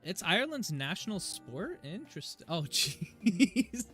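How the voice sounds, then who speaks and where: A man's voice: sits high, big pitch swings, slow, a bit bright. Chatty guy streaming a game. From United States. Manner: chatty and rambling, laughs easily. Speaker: gaming streamer. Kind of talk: casual live-stream chat while playing. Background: faint game music.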